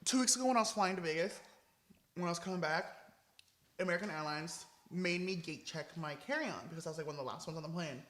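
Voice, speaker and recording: A young man chatting casually in a vlog, gushing and expressive, swinging between excited and low-key. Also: fast talker. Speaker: vlogger. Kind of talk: casual mukbang vlog chat.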